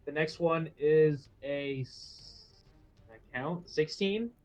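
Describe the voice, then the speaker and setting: A man's voice: a little high, slow, a little mellow, soft background music. A man playing a tabletop game, talking casually and laid-back about his turn. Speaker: player.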